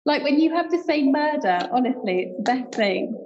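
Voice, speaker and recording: A woman's voice: sits high, lively intonation, moderate pace, darkish tone, lo-fi sound. A woman with a slightly raised voice co-hosts a casual quiz night, teasing her partner and chatting easily. A faint background hiss sits under her voice. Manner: cheerful, teasing, laughs often. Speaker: quiz co-host. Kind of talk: casual online quiz banter.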